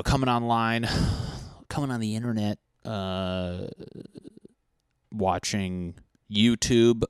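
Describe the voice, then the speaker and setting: Young male vlogger, deep and dry-sounding, loose profane self-deprecating chat. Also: smooth, no echo. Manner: rambling, profane, self-mocking. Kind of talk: casual chat to camera. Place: at home.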